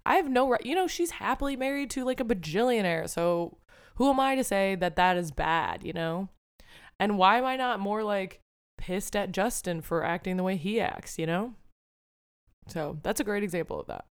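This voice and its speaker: A woman's voice: medium pitch, animated, moderate pace, clear, resonant tone. A young woman hosting a casual solo podcast, talking candidly and rambling, self-deprecating and often swearing. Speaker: podcast host.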